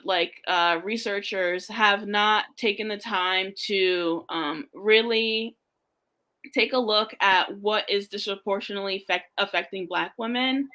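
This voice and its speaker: A woman, a guest on a live interview, explaining earnestly and halting with many fillers. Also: medium pitch, sharp tone, rough recording.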